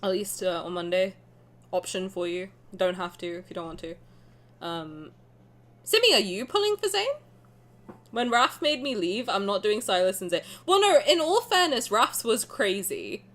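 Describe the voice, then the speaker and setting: A woman streaming a game, chatting in an excitable, laughing way that bursts into yells. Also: mid-range voice, normal speed. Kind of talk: excited casual reaction stream chat.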